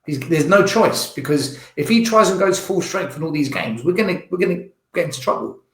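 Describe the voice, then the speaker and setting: Slightly high man, insistent panelist, echoey room. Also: expressive, fairly quick. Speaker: fan podcast panelist. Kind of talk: casual football debate. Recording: roomy echo.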